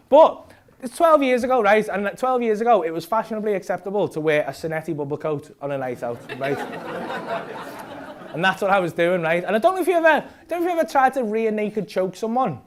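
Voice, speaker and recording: A Scouse comedian on a club stage, spinning a sweary night-out story with lots of energy. His voice sits notably high for a man, and he slips into the other people in the story as he goes. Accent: Liverpool. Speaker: stand-up comedian. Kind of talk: stand-up storytelling.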